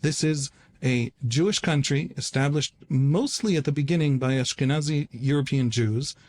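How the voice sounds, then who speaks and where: A man's voice: mid-range voice, moderate pace, a little mellow, slight background noise. Discursive man explaining at length. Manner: discursive, thinks aloud, wry asides. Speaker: podcast host answering questions. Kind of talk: conversational explanation.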